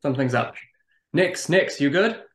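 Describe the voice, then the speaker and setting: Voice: mid-range voice, lively intonation, normal speed, reverberant. A player in a tabletop game, joking around between the rolls. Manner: joking asides. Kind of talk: casual tabletop play.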